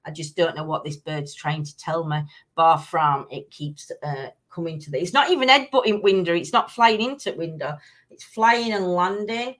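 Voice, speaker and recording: A woman's voice: fairly low pitch, normal speed. A middle-aged woman hosting a casual live-stream chat, rambling with many ums and restarts as she answers viewers. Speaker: livestream host.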